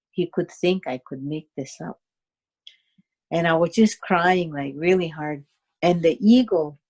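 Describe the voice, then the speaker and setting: Woman, slow unhurried storytelling, soft-spoken, halting with restarts and fillers. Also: low voice, creaky. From Cayuga Nation, Six Nations of the Grand River, Canada.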